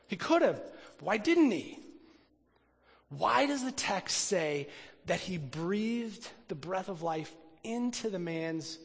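Guy preaching in a big echoey hall, loud then almost whispering, keeps repeating words. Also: high-pitched, slow pace, creaky, slight background noise. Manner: animated, swings from loud emphasis to hushed near-whisper; repeats and restarts words while thinking aloud. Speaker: pastor. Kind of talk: sermon.

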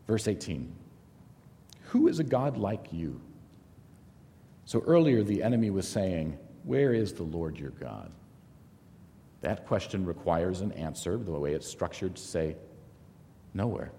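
A middle-aged man leads a Bible study in a church hall, his mellow voice swinging lively up and down as he tells stories and jokes. His talk rings with a long reverb from the hall around him. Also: low voice. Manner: conversational, animated storytelling with jokes. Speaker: Bible teacher.

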